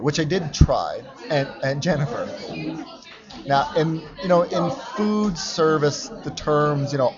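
A man co-hosting a casual chat, playful and mock-pompous as he teases his co-host. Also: medium pitch. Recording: lo-fi recording with crowd chatter behind.

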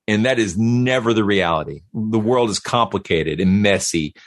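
A man talking casually as a podcast guest, animated and given to repeating words as he starts a thought. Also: on the low side, normal speed, no echo, studio quality. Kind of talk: casual conversation.

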